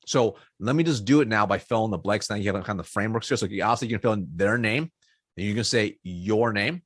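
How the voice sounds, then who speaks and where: Husky-voiced man coaching sales. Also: fairly low pitch, a bit bright, no echo, studio quality. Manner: direct, repeats points, many okays and all rights. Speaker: sales trainer. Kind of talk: casual teaching to camera.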